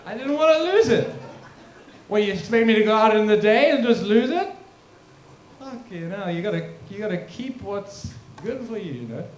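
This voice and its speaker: A man's voice: sits high, animated, moderate pace. Rambling young man from South Africa. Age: young adult. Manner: rambling, self-deprecating, crude. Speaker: stand-up comedian. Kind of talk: stand-up set at open mic. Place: large room or hall, live stage. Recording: echoey hall.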